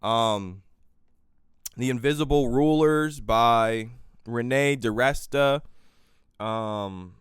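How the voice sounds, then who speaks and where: A man hosting a political livestream, tired and exhausted, swinging between quiet weary stretches and loud profane outbursts into a close microphone. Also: mid-range voice, very slow, long pauses, smooth, dry recording. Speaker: livestream host. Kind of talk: impassioned political livestream rant.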